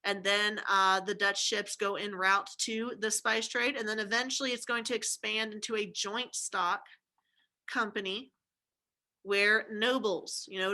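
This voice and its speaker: Bright, chatty woman teaching history. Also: medium pitch. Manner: chatty and informal, with frequent "okay?" check-ins and jokey asides. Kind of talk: recorded classroom lecture.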